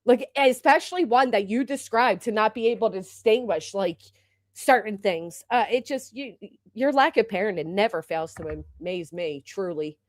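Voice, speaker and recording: A woman with a mid-range voice speaks at a moderate pace with no echo. As a livestream host, she's upset and agitated, venting an indignant, profanity-filled rant.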